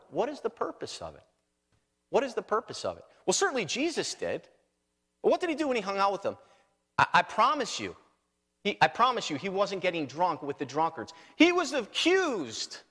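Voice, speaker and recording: A man's voice: high-pitched, a bit bright. A man preaching a live sermon as pastor, emphatic and repeating key lines. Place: church sanctuary. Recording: live church recording with long reverb.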